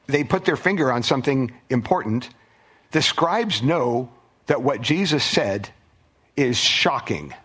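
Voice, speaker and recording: A man's voice: fairly high pitch, a bit bright. A man preaching a sermon as pastor, conversational, with restarts and acted-out quotes. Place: church.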